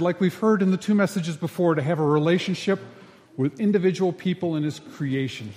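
Man preaching, folksy, rambling, high voice, echoey hall. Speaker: pastor. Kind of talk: sermon with jokes.

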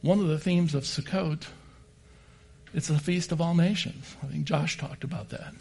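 A man's voice: fairly high pitch, a little mellow. A man preaching a sermon and reading scripture passages aloud.

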